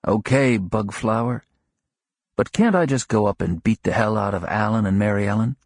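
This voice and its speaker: A man's voice: lowish voice, normal speed, dry recording, clean studio sound. A man doing a wry, sardonic shop-clerk husband. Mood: mock-gruff. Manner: sardonic, mock-gruff banter. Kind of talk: audiobook character reading.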